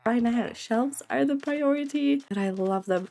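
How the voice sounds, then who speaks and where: This gaming creator's voice is fairly high yet creaky and dark-toned, and she speaks a little slowly because of a cold. The young woman giggles and chats her way through a casual let's-play, addressing the in-game creatures.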